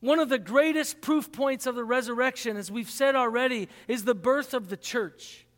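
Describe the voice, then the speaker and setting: Male pastor, sermon, high-pitched, hall reverb, emphatic repetition. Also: moderate pace. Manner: emphatic, repeating key phrases for stress. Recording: long reverb in a large hall.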